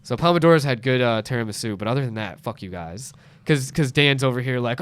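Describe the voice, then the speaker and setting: A man's voice: mid-range voice, fairly quick, hardly any pauses, smooth, dry recording. A man in his late twenties telling a story in casual chat, acting out other people's lines in raised voices. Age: late 20s. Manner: animated storyteller, acts out quotes in raised voices. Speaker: podcast host.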